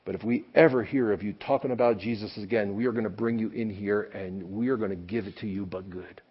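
A man voicing stern religious leaders issuing a low, menacing warning. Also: fairly even intonation, fairly quick, breathy edge, muffled recording.

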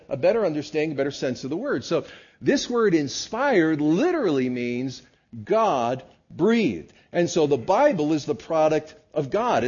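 A man who is a pastor, preaching a sermon with emphatic peaks that drop to quiet asides. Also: fairly high pitch, slightly rough. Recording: dull lo-fi recording.

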